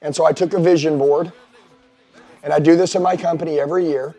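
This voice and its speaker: A man giving a motivational seminar talk to a mastermind group, intense and profane, swinging between shouting and hushed asides. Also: a little high, fairly even intonation, fast talker. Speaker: sales coach addressing a mastermind group. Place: seminar room.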